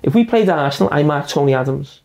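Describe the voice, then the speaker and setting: A man's voice: on the high side, animated, fast talker, vocal fry, darkish tone. A man, a former centre-back, recounting a match story in a matter-of-fact, self-deprecating way. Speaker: former footballer. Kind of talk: storytelling anecdote.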